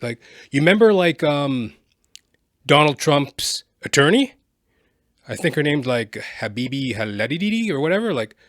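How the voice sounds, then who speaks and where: A man vlogging, telling a personal story in a casual, animated way and constantly checking in with the listener. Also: medium pitch, no echo, clean studio sound. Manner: animated, keeps adding "right?".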